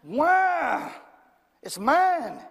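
Preacher guy doing a stubborn whiny churchgoer, high voice, lots of hall echo. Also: big pitch swings, drawn-out words, vocal fry, a bit bright, heavily acted. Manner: defensive, whiny protest. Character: stubborn churchgoer clutching his money. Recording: long church reverb.

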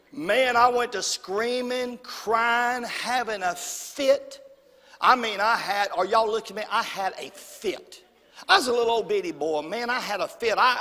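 A man from Alabama with a Southern US accent, telling folksy, humorous stories from the pulpit in an animated way. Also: high voice. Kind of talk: storytelling sermon. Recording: long hall reverb.

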